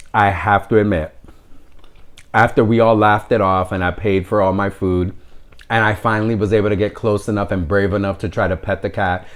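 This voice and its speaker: A man telling a story in a casual, wry way, with sarcastic, deadpan asides. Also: fairly low pitch. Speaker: vlogger.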